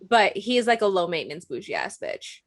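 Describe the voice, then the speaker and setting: Fairly quick and medium-pitched, a young woman shares anecdotes as a podcast co-host in relaxed chat. She acts out what people said with animation and laughs a lot.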